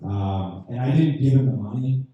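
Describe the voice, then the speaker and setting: A man doing a stand-up comedy set at an open mic night, talking in a halting, deadpan way full of fillers. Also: mid-range voice, muffled recording, a little hiss or hum. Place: lounge comedy night, indoors. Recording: very echoey room from far off.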